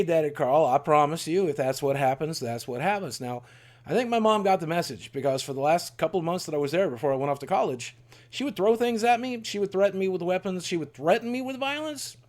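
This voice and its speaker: A man in his forties telling a candid, rambling personal story in a self-deprecating way. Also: sits high. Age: 40s. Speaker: YouTuber.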